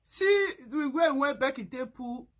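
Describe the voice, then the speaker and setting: A woman with a Nigerian accent hosting a casual live stream, loudly mocking and laughing between exclamations. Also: sits high, animated, measured pace.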